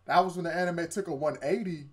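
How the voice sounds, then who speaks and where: A man's voice: fairly high pitch, fast talker. A young man in casual chat, retelling an anime episode with quoted voices and laughs. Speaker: co-host reviewing anime.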